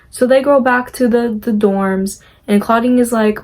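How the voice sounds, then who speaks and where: A young woman casually recapping a movie, chatty and opinionated, with lots of "like" fillers and quick acted-out character lines. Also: fairly high pitch, steady tone, a little mellow.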